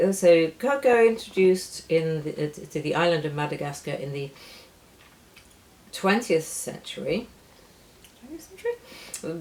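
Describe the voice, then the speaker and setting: Brief: low-pitched woman, casual co-host, rambling and chatty. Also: a little mellow. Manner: chatty, rambling, stumbles reading French aloud. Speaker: perfumer and co-host. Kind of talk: casual tasting chat.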